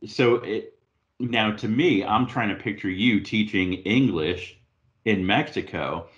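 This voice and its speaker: A man's voice: on the low side, slow, muffled recording. A man from the United States, a guest author on a podcast, joking and telling stories in casual chat. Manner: joking, animated storyteller.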